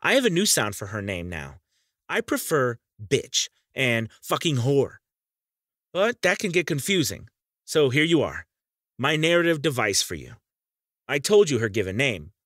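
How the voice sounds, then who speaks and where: A man narrates a first-person audiobook in a bitter, menacing tone, speaking directly to the listener. His pitch leaps high and drops low through every sentence. The recording is dry, with no room sound. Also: sing-song, a little slow, a bit bright, dry recording.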